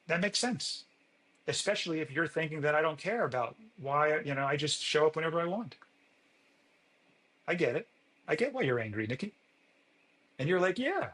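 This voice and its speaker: A man's voice: a little high, lively intonation, normal speed, long pauses, a bit bright, rough recording. Earnest man explaining in an interview. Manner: acts out sample dialogues with a lifted voice. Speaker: physician guest.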